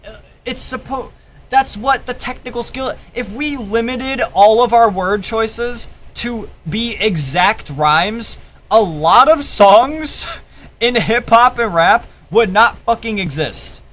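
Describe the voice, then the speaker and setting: A man's voice: very high voice, takes it slowly, a bit bright, a little hiss or hum. A young man, a rapper, ranting casually about rhyme in his own music, heated and profane, often restarting his sentences. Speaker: rapper breaking down his album.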